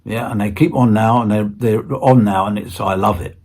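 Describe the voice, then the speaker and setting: A man's voice: lowish voice, moderate pace, a little mellow. A British man as an interview guest, chatting casually in a playful, rambling way with stammered restarts. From Britain. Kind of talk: casual chat.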